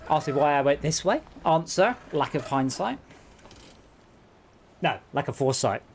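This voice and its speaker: Male streamer, casual gaming chat, joking and self-deprecating, very lively pitch. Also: normal speed, a little hiss or hum. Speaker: streamer playing co-op driving game.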